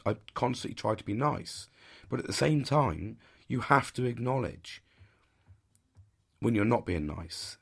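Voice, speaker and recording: A man's voice: fairly low pitch, gravelly, husky. A man hosting a podcast, talking bluntly and intensely in a candid monologue, swearing heavily and pressing his points hard. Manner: emphatic and intense. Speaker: podcast host.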